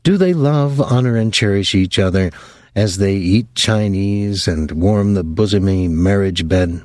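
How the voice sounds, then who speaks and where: A man's voice: sits low, measured pace, a little mellow, dry recording, clean studio sound. A man voicing a bitter, witty middle-aged woman who talks in a sardonic, theatrical way.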